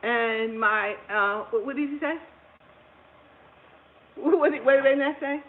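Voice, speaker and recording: Recorded in her kitchen on tinny, phone-like audio with faint background noise, a cooking channel host chats casually with her livestream viewers. She laughs a lot while she cooks at home. Her voice sits a little high and she speaks a little slowly.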